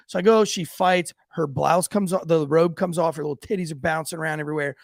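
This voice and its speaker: High-voiced gravelly man telling cop stories. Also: fast, hardly any pauses, dry recording, studio quality. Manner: profane, animated, acts out quoted voices. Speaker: police officer and podcast host. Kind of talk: casual storytelling. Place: podcast studio.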